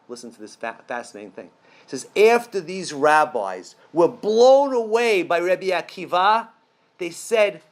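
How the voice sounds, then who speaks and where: High-voiced man telling a story. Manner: animated storyteller, rhetorical questions. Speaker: speaker at a Passover event. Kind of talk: storytelling speech to a live audience. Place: room with an audience.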